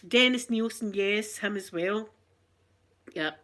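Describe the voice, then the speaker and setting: Scottish woman, casual rambling chat, often laughing, phone recording, middle pitch. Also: slow pace, fairly bright tone. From Scotland. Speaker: channel host.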